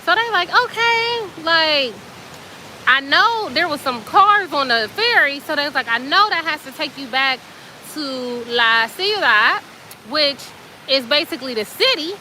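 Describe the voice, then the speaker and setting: Brief: woman host, high-pitched and colloquial, animated storytelling with fillers. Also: a little slow, slight background noise, low-quality recording. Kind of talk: casual chatty storytelling.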